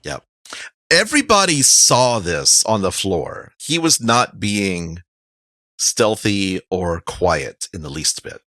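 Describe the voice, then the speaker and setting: A man's voice: low voice, very animated, slow pace, bright, forceful tone, dry recording. A man narrating as game master in a casual, rambling way.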